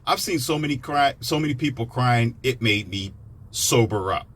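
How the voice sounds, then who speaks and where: A man in a sarcastic, animated ranting monologue, now and then jumping into mocking high-pitched impressions. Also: moderate pace, slight background noise. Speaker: commentator.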